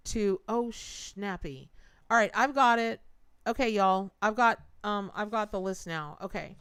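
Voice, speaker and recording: Giving a tarot reading on a live stream, this woman has a medium-pitched voice that is unhurried, fairly bright, clear, and resonant. She chats freely, repeats words to stress them, and addresses her audience directly.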